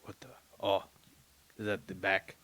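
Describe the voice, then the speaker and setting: A man's voice: low voice, completely flat delivery, unhurried, fairly bright tone, no echo. A man co-hosting a comedy podcast, talking in a goofy, easily flustered way with a sore mouth after getting teeth pulled. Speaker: podcast co-host. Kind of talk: casual comedic podcast banter.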